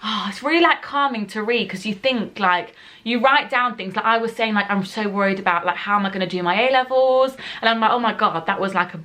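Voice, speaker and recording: A woman's voice: mid-range voice, a little fast, a bit bright. A young woman vlogging in casual chat, talking emotionally and filling her speech with "like" and "oh my God". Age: young adult. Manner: chatty, emotional, full of "like" and "oh my God".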